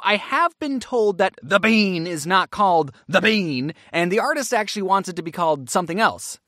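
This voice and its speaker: A man narrating a comedic scripted story with jokey, deadpan asides. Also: high-pitched, no room sound, clean studio sound. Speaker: animation storytime creator.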